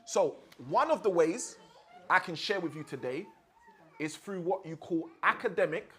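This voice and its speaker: A man's voice: fairly high pitch, lively intonation, measured pace. A man, a father of six, leading an interactive teaching session and asking his audience questions. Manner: asks the audience questions often.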